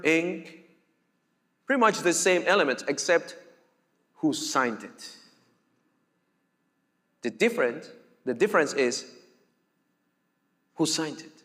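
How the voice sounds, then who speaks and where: A man preaching a sermon as pastor, emphatic and deliberate, repeating his key phrases. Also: on the high side, fairly bright tone, long reverb tail.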